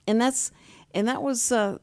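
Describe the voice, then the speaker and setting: A woman's voice: on the high side, measured pace. A middle-aged woman, a sign language interpreter, telling stories in casual chat and acting out quoted voices with laughter. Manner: animated, acts out quotes with laughter.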